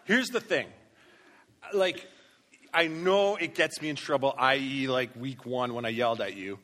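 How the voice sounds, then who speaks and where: A man's voice: mid-range voice, a little slow, a bit bright, in a large hall. A male pastor preaching in a passionate, emphatic way. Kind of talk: sermon.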